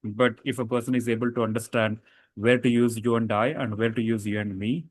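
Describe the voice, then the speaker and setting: A man's voice: mid-range voice, steady tone, fairly quick, no echo. A man teaching a casual grammar lesson, explaining rules with fillers and self-corrections.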